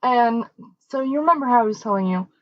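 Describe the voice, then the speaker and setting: Animated young woman telling a ghost story. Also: fast talker, no echo. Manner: animated, acts out quoted voices with big pitch jumps. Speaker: podcast co-host. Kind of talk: casual storytelling. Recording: dull, dry lo-fi mic.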